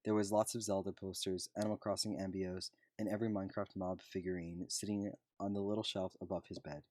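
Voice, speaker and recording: A man's voice: low-pitched, flat delivery, brisk, darkish tone. A man casually reading fan fiction aloud, often stumbling and restarting words. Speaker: fanfiction reader.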